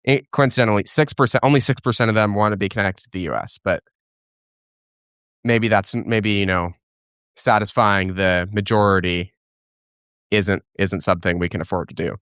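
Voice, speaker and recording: On a casual live stream, a young man with a smooth, lowish, slightly bright voice takes viewer questions at a moderate pace and a steady tone. Opinionated, he reasons aloud with fillers and restarted sentences. The audio is close-miked, dry and echo-free.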